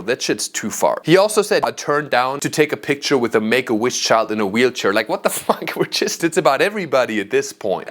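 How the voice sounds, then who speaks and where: A man's voice: mid-range voice, fairly bright tone. A young German comedian with a German accent, reacting animatedly and laughing often as he mocks what he reads.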